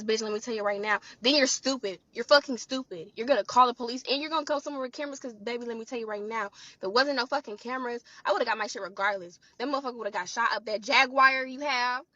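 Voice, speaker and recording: High, bright-voiced woman telling a storytime. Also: dry recording, muffled recording. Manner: profane, animated retelling with acted-out quotes. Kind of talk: casual storytime vlog.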